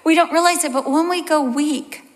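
Woman, middle-aged, Bible teacher, chatty animated sermon, slightly high voice, long reverb of a big hall. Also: normal speed. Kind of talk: conversational sermon. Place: large hall before an audience.

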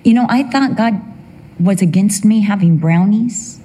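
A woman's voice: medium pitch, a little slow, warm tone, breathy edge. An older woman telling a humorous personal story that turns into a sermon, acting out the voices she quotes. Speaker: speaker giving a testimony.

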